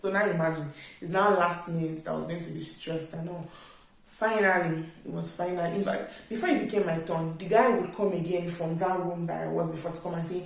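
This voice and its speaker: A young woman with a Nigerian English accent recounts her trip in a chatty, animated vlog style, leaning on filler words as she goes. Her voice sits fairly low, and she talks from some distance to the mic in a very echoey room. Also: gravelly. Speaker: vlogger. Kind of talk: casual storytelling.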